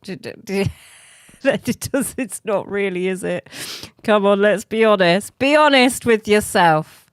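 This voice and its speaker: A middle-aged British woman streaming a game, chatting casually and self-mockingly, laughing often and counting softly under her breath. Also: medium pitch, unhurried, smooth, no echo, clean studio sound. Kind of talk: casual live-stream chat while playing.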